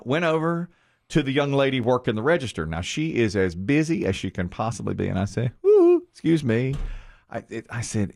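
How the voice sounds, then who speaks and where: Morning radio host, male, low animated storyteller who acts out the quotes. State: sweaty from the gym.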